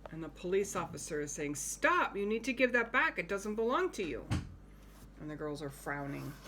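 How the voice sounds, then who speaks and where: Slow, gentle woman reading aloud. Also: fairly low pitch, a little hiss or hum. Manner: slow, gentle, pausing to point out pictures and ask questions. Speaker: home-school teacher. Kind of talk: reading a picture book aloud to young children.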